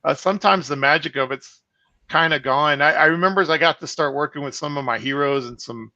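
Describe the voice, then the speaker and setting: A man's voice: fairly high pitch, fairly quick, no echo. A man, a horror film director, telling casual, profane stories as a guest on a video call, with lots of fillers. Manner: animated, swears freely, many fillers. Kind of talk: casual anecdotal storytelling. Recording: dull, muffled call audio.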